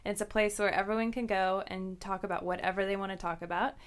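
A woman's voice: medium pitch, level tone, quick pace. A woman from Texas, a guest on a podcast, telling stories in friendly casual chat and laughing often. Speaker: guest, actress and missionary.

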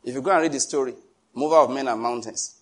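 A man preaching a sermon in an animated, joking way, with pleading asides to the congregation. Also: medium pitch, fast talker.

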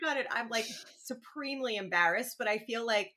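Woman, 30s, podcast co-host, lively storyteller who acts out her own yelling. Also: on the high side, brisk. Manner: animated storytelling, acts out shouted quotes. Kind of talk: casual chat.

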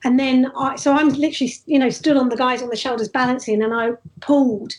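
Woman, high voice, chatty anecdotal interview guest. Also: brisk. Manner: chatty, animated anecdotes with frequent restarts. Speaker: street performer guest. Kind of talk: casual interview storytelling.

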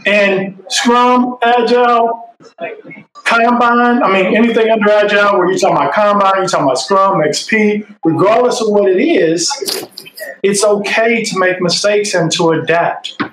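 High-voiced earnest man in an echoey room. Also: normal speed, a bit bright, slight background noise. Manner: earnest, emphatic. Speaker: podcast panelist. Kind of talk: casual discussion.

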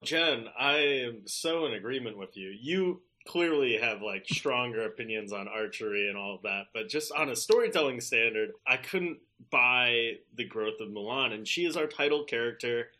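A man's voice: medium pitch, lively intonation, moderate pace, hardly any pauses, sharp tone. A man giving an easygoing review in a casual movie chat.

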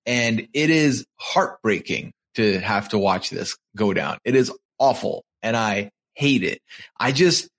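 A man's voice: fairly low pitch, measured pace, a bit bright. A man co-hosting a podcast over a video call, recapping reality-show events and adding emphatic, outraged commentary. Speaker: podcast co-host.

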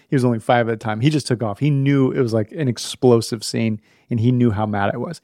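A man's voice: mid-range voice, a little fast, mellow, dry recording, studio quality. A man in his thirties hosting a parenting podcast, telling a personal story candidly and laughing at himself. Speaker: podcast host. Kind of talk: storytelling talk.

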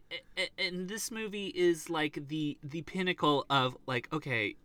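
A man's voice: on the high side, slow, bright, forceful tone, clean tone. A man hosting a film podcast, chatting casually and animatedly with lots of fillers and laughter. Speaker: podcast host.

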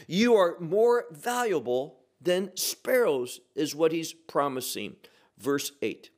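A middle-aged man teaching a Bible passage verse by verse, slow and deliberate, stressing key words with sharp rises and drops. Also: fairly high pitch, sing-song.

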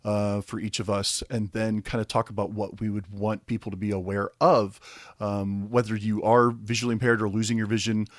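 A man's voice: lowish voice, level tone, normal speed, no room sound, studio quality. A man hosting a casual podcast chat in an easygoing, rambling way, often restarting his sentences. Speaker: podcast host.

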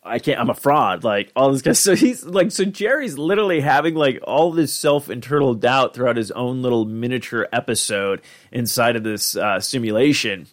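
A young man hosting a podcast, rambling through an episode recap with lots of "like" and "uh", and jumping into a high voice to act out characters' lines. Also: normal speed, hardly any pauses. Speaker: podcast host.

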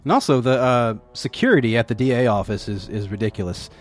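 A man's voice: mid-range voice, animated, quick pace, soft background music. A man co-hosting a podcast about a film, talking loosely in casual chat, repeating words, laughing often and acting out quotes. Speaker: podcast co-host.

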